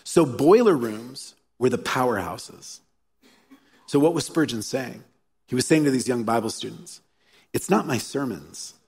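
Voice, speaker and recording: A man's voice: mid-range voice, animated, unhurried, a little mellow, husky. A man preaching a sermon as a pastor, earnest and storytelling, repeating key phrases. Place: church hall. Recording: live sermon in a reverberant hall.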